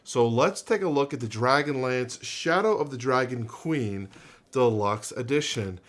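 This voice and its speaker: A man's voice: medium pitch, lively intonation, unhurried, a bit bright. A man hosting a casual unboxing video, rambling and thinking aloud with lots of fillers and restarts. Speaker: unboxing channel host.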